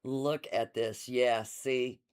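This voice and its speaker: Chatty woman hosting a slow, easygoing shop livestream. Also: very deep voice, fairly even intonation, a little mellow, clear, resonant tone. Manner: chatty, enthusiastic, laughs often, reads out item numbers. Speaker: quilt shop host. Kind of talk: casual live-stream sales chat. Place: quilt shop.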